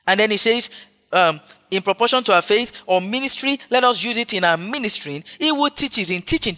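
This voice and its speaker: In a long, reverberant hall with faint music playing, a man preaches a sermon in a high, pushed and bright voice. He is emphatic and repetitive, with hallelujahs coming up frequently.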